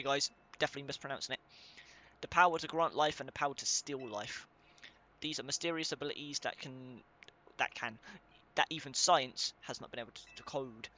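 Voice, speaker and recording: A man's voice: mid-range voice, pushed and bright, a little hiss or hum. A young man giving casual commentary while reading game text aloud, swearing now and then and stumbling over hard names. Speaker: let's play gamer.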